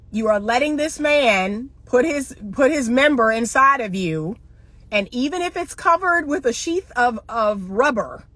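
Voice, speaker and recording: Speaking straight to camera, a middle-aged woman who works as a relationship coach lectures bluntly and emphatically, driving her points home with rhetorical question after rhetorical question. Her fairly high, fairly bright voice is recorded with no room sound.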